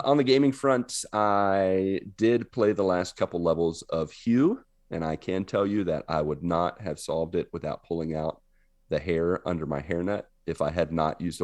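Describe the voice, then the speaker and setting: A man with a very low, deep voice co-hosting a casual podcast chat. He tells his stories with animation and laughs often. The sound is close and dry, with no room around it. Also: normal speed, darkish tone, dry recording. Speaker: podcast co-host.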